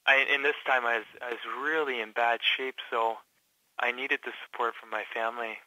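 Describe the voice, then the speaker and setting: A man from Canada speaks in a bright, sharp voice that stays flat in pitch, stumbling through fillers and restarts as he tells his story. The sound is dry and close, with no room around it. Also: no room sound, rough recording. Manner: halting, many fillers and restarts. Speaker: patient guest. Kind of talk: casual interview.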